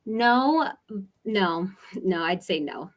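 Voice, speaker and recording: A woman chats as a guest on a webinar over a video call. She is bubbly and laughs often. Her talk is relaxed and friendly. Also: mid-range voice, drawn-out words. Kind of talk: casual webinar chat.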